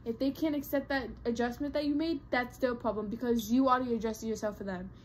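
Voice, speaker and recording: Woman vlogger, young adult, earnest, emphatic, repetitive, fairly high voice, faint room hiss. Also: fairly even intonation, fast talker, rough recording. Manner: earnest, emphatic, repeats herself. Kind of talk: casual advice talk to camera.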